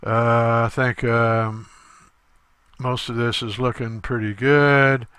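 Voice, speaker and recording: A male instructor talking through a screen-recorded tutorial step by step, halting often with fillers. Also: medium pitch, level tone, a bit bright, clear, resonant tone, no room sound.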